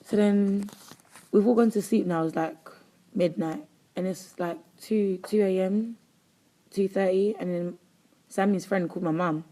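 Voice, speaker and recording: A woman, a guest telling a personal story in an interview, rapid and animated with lots of "like". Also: mid-range voice. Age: 20s.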